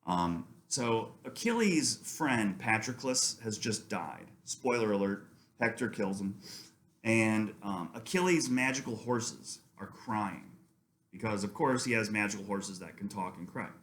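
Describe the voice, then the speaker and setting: A man teaching a literature lesson in a casual, conversational way, reading passages aloud and pausing often with ums. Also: on the low side, expressive, a bit bright. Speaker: literature lecturer. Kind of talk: casual lecture.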